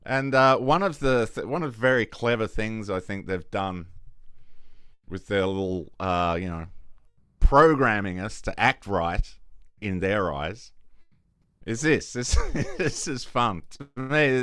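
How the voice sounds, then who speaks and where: Male solo podcaster, low smooth voice, loose rambling delivery with swearing and restarts. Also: animated, measured pace, a bit bright, no echo, studio quality. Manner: rambling, profane, many restarts. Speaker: podcast host. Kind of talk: casual solo monologue.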